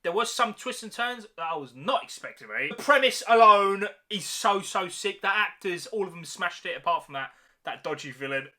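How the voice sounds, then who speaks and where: Young male vlogger, high and sharply bright voice, slangy enthusiastic reviewer. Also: expressive, moderate pace. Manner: enthusiastic slangy chatter, calls listeners mate. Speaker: movie reviewer. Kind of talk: casual film review.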